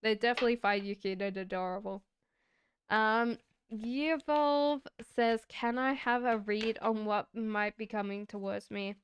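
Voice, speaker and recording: Slow, clear-voiced woman reading tarot. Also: mid-range voice. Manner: slow, reflective, chatty with giggles. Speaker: tarot reader. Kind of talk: live-stream card reading.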